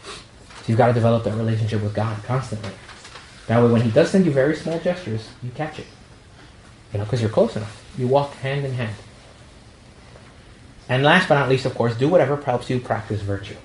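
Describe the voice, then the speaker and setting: Joking priest in an echoey room. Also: male voice, mid-range voice, a little fast, pauses often, darkish tone. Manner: conversational and humorous, acts out quoted dialogue. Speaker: priest leading a young adult ministry meeting. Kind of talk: casual talk to a young adult group. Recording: echoey room with faint background noise.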